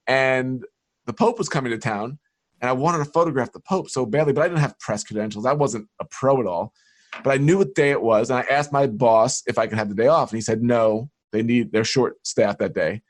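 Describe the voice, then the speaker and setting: A man from New York, a podcast guest telling personal stories in an animated way and acting out the dialogue. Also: medium pitch, a little fast. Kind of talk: storytelling interview.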